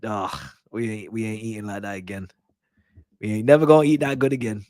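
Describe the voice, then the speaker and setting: A young man chatting casually on a football watch-along stream, joking and laughing in slang and erupting loudly at near-misses. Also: on the low side, fairly quick, no room sound, studio quality. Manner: laughing, nostalgic banter with slang, loud bursts at near-misses.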